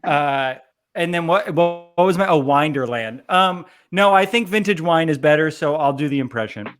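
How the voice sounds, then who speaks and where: A man's voice: fairly high pitch, expressive, normal speed, music in the background. A man on a casual panel, talking loosely.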